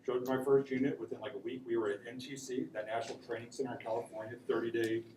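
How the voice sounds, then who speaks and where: A man's voice: mid-range voice, steady tone, fast talker, crowd noise. Casual male lecturer, distant echoey mic. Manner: casual, conversational, peppered with "right?". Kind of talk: classroom lecture with stories. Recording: echoey room mic from far off, noisy.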